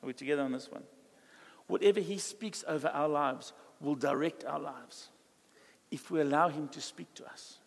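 A high-pitched male pastor with a South African English accent delivers a chatty, animated sermon, slipping into quoted voices as he tells stories. His voice carries a long reverb from the church hall. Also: moderate pace, gravelly. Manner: conversational, animated preaching that acts out quoted dialogue.

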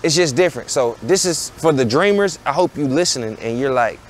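A man's voice: mid-range voice, lively intonation, fairly quick, few pauses, a little hiss or hum. A man around thirty, hosting a podcast and giving blunt, preachy life advice in a casual monologue that keeps circling back to rhetorical questions. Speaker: podcast host.

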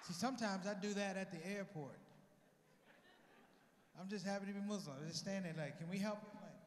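A male comedian with a fairly high voice works the crowd in a punchy, confiding way. His stage mic rings through a large, echoey convention hall with a long reverb and faint room noise. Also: brisk. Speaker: stand-up comedian. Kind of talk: live stand-up comedy.

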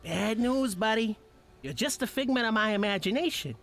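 An actor voicing a bemused young man who makes deadpan, wry quips in a video game. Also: high-pitched, moderate pace. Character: dry, bemused young male dreamer. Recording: game audio with faint music.

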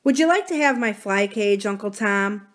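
A woman's voice: medium pitch, expressive, moderate pace, a bit bright, close to an everyday voice. A woman voicing an earnest young boy in a storybook reading, eager and pleading.

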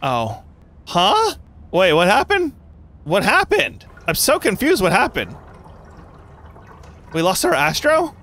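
A young man giving playful, animated commentary while playing a game, with quick reactions and jokey cries of pain. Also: high-pitched, a little hiss or hum. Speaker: gaming YouTuber.

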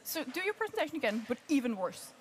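Woman, high voice, presentation coach, chatty, lively, quick laughs, faint room noise. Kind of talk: workshop teaching.

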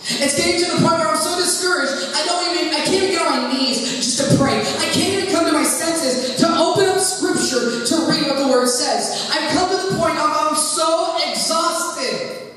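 A man's voice: very high voice, moderate pace, bright, forceful tone. A man preaching a sermon, telling a story with acted-out scenes and sound effects. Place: church hall. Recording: echoey hall, far from the mic, faint noise.

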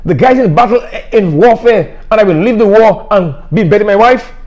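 A man's voice: high-pitched, expressive, fairly quick, darkish tone, highs cut off. A middle-aged man from Saint Lucia with a Saint Lucian accent, preaching an emphatic, repetitive sermon. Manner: emphatic, repetitive, plain-spoken.

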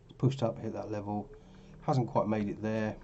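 A man's voice: lowish voice, level tone, normal speed, gravelly, warm tone, highs cut off, slight background noise. A tired man talking casually through his trading charts, rambling and correcting himself as he goes. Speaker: forex trading vlogger. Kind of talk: casual screen-share commentary.

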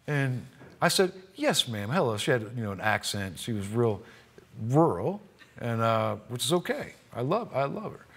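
A man who is a roofing contractor and trainer, telling a story casually to camera and acting out the people in it. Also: medium pitch. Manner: animated, acts out quoted voices.

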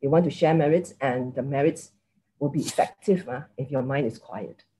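A woman's voice: a bass voice, moderate pace, warm tone, slight background noise. A middle-aged woman with a Singaporean English accent gives a conversational Buddhist talk as a lay teacher, often checking in with "okay" and "right". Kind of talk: Dharma talk with guided merit sharing.

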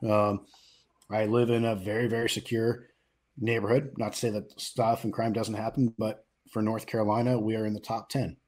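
A middle-aged man with a lowish, husky voice chats casually as a podcast co-host. He talks in a loose, conversational way, with plenty of fillers and restarts. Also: flat delivery, normal speed, a little mellow. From West Coast of the US. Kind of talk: casual chat.

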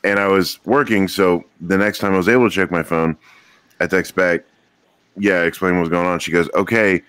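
Deep-voiced man telling a story on a podcast. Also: fairly even intonation, moderate pace, fairly bright tone, clear, resonant tone, no room sound. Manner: joking, rambling, profane. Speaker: podcast co-host. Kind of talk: casual chat, storytelling.

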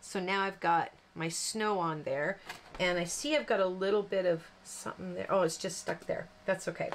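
A woman's voice: fairly low pitch, moderate pace, slight background noise. Chatty woman hosting a craft tutorial. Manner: chatty, rambling, self-deprecating with frequent fillers. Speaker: card-making tutorial host. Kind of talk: casual crafting demonstration.

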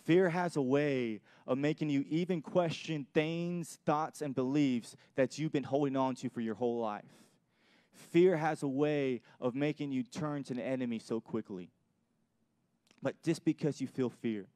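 A man's voice: medium pitch, normal speed, dark tone, no echo, clean studio sound. A young adult man pastor giving an earnest sermon with personal testimony, often repeating and restarting his phrases. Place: church.

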